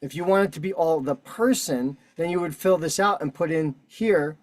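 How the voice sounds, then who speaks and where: A man's voice: on the high side, normal speed, no echo. A man hosting an online meeting, walking through a form in a casual, profane, combative way. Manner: profane, combative, talks while filling out a form. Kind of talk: casual instructional walkthrough. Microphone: video call.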